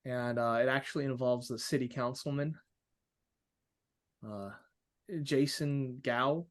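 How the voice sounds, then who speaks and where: Man doing a gruff ex-military builder, burly, halting, repeats himself, mid-pitched tabletop game character. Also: fairly even intonation, lightly acted. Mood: confiding. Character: gruff burly ex-military male construction worker.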